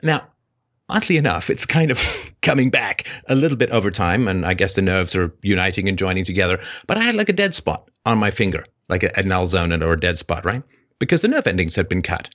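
A male call-in show host debating a caller, lecturing forcefully, cutting in and jumping up in pitch to stress his points. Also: sing-song, brisk.

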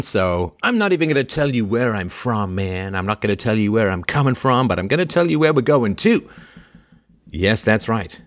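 A man hosting a livestream, chatting playfully, joking and laughing as he reads out viewer greetings. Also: normal speed. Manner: animated, jumps between high and low pitch. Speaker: host.

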